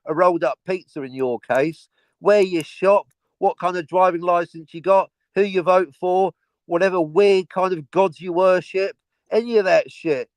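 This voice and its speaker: A man's voice: high-pitched, fairly even intonation, normal speed, no room sound. A man hosting a stream in casual, profane banter, mock-aggressive and sarcastic. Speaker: stream host.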